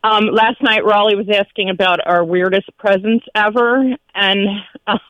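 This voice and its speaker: A woman's voice: mid-range voice, fairly even intonation, a little slow, fairly bright tone, dry recording, rough recording. A woman calling in to a radio show, chatty and giggling as she tells a long story. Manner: chatty storyteller, giggles through her telling. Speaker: caller. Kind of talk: casual phone-in chat.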